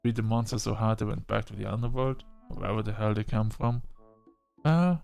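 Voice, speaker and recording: A man narrating a visual novel in a plain, even reading voice. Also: fairly low pitch, fast, creaky, soft background music. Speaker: game narrator.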